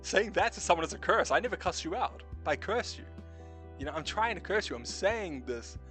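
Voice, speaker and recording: A man's voice: sits high, big pitch swings, brisk, sharp tone, faint music behind. A young man with a New Zealand accent, hosting a casual late-night stream chat, swearing freely, laughing often and musing about life. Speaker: stream host.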